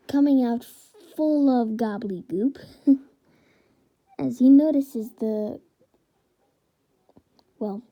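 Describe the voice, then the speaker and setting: Slow breathy woman telling a fan story. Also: on the high side, dark tone, rough recording. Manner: hesitant, many fillers and restarts. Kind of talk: improvised fan story narration.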